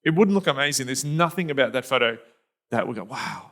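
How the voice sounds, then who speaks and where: A man's voice: medium pitch, lively intonation, quick pace, a bit bright. A middle-aged man preaching a sermon as a pastor, telling a personal story in a conversational, reflective way with fillers and restarts.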